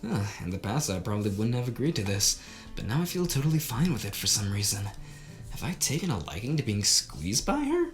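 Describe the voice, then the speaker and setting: A woman reading a visual novel aloud, with theatrical commentary and sudden laughing shouts. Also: a bass voice, expressive, fairly quick, faint music behind. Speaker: game streamer.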